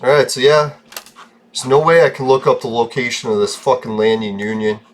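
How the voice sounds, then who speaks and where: A man's voice: medium pitch, little pitch movement, brisk, slight background noise. A man giving casual gameplay commentary, ranting and swearing often, in a short-tempered, irritable way. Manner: profane, ranting, easily irritated. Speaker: gaming vlogger.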